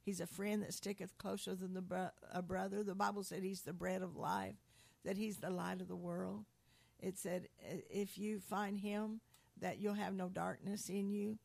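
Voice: mid-range voice, little pitch movement, normal speed, vocal fry, dry recording. An earnest preacher in an informal sermon, quoting scripture and often repeating and restarting words.

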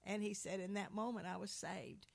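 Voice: mid-range voice, steady tone, normal speed, gravelly, a little mellow, dry recording. An earnest preacher in an informal sermon, quoting scripture and often repeating and restarting words.

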